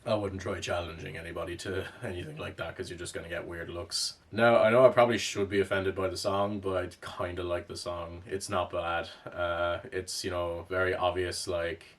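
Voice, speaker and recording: A man's voice: low voice, level tone, moderate pace, few pauses, far from the mic. A young man with a Cork Irish accent, rambling through casual commentary with a wry tone and plenty of swearing. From Ireland.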